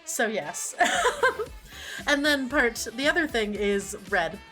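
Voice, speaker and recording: A woman's voice: sits high, huge pitch swings, slow, bright, forceful tone, faint music behind. A woman streamer chatting casually and animatedly, laughing often and swearing freely.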